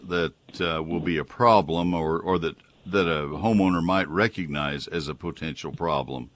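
A man hosts a call-in garden show from a radio studio. His voice sits very low and deep. He explains things patiently, with a polite, helpful manner toward each caller. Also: moderate pace, background noise.

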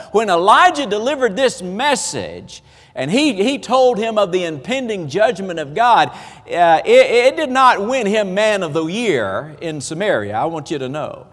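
Southern preacher guy, folksy storyteller, high voice that jumps all over, echoey hall. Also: a bit bright. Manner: folksy, storytelling, self-deprecating humor. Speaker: pastor. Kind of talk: sermon.

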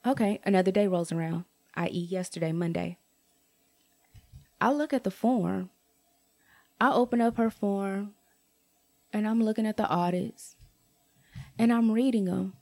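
A young adult woman telling a casual storytime rant to her viewers, blunt and profane, with jumps to high exclamations. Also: measured pace, pauses often. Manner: animated, swings to high exclaims. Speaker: vlogger.

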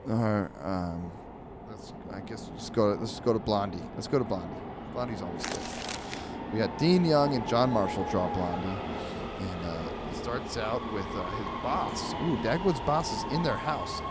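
A man's voice: on the low side, expressive, noisy background. A man hosting a comedy podcast, reading newspaper comics aloud with rambling, sarcastic asides. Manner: does quick voices for characters. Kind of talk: casual comic reading with commentary.

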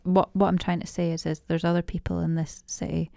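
Scottish woman on a podcast, bit hesitant, lowish voice, flat, dry sound. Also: fairly quick, vocal fry, no echo. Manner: hesitant, many restarts and fillers, laughs often. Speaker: podcast guest. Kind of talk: casual interview conversation.

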